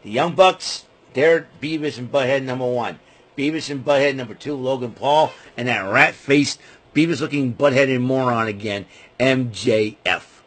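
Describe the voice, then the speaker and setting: Husky man ranting through a recap. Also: medium pitch, moderate pace, fairly bright tone. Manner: rambling, name-calling rants. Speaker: wrestling show recapper. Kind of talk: casual recap monologue.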